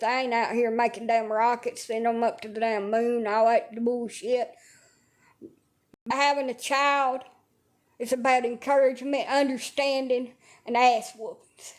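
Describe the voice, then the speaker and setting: A social media livestreamer rambles casually from her bed at home, blunt and sarcastic and swearing freely. Her voice sits on the high side, with a steady tone and a measured pace.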